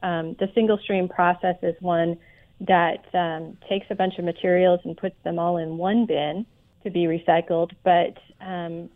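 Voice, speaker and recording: Female radio guest, fairly low voice, measured explaining, tinny phone line. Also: flat delivery. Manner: explanatory, measured, with frequent ums. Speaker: guest, president of a recycling institute.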